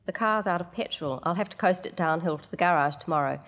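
A woman's voice: lowish voice, fast, close to an everyday voice. Woman doing a harried, exasperated mother. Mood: coaxing. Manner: raised, coaxing and exasperated.

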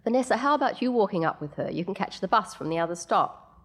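A woman's voice: mid-range voice, expressive, fast talker, breathy edge. A woman reading a story, voicing a harried mother who coaxes her children in a raised voice. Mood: coaxing. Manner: raised, coaxing and exasperated. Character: harried, exasperated mother of three.

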